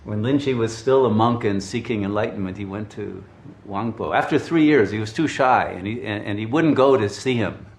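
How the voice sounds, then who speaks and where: A man giving a spiritual talk, telling a story in an animated, chuckling way with frequent restarts. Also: fairly low pitch, moderate pace, roomy sound. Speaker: spiritual teacher.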